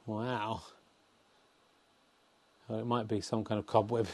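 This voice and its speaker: With a low, level, somewhat mellow voice, an English man hosts a comedy stream and takes his time. His commentary is rambling and playful, and he pokes fun at himself.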